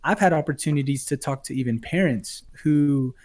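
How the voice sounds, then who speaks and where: A man's voice: mid-range voice, moderate pace, darkish tone. A man who is a pastor and streamer, a guest on a casual podcast, explaining his views through an example story.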